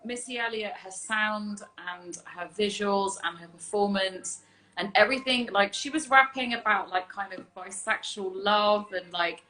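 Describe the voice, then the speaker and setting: A woman's voice: medium pitch, a little slow, pushed and bright. A woman musician chatting as a guest on a livestream, effusive and full of fillers. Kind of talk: casual chat on a livestream.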